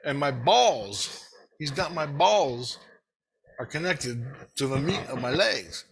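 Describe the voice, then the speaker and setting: A man tells a long, profane story in a casual, rambling way and often breaks into laughter. His voice is bright and husky. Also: on the high side, expressive, takes it slowly.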